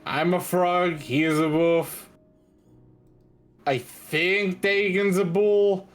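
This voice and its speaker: High-voiced goofy male player. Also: fairly even intonation, slow pace, faint music behind. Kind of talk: playing a tabletop game.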